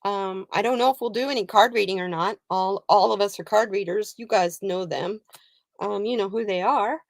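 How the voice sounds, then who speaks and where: A woman's voice: mid-range voice, moderate pace, dry recording. Chatty woman in her sixties hosting a live stream. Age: 60s. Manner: chatty, greets viewers mid-story, laughs often. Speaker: livestream host and card reader. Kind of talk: casual live-chat storytelling.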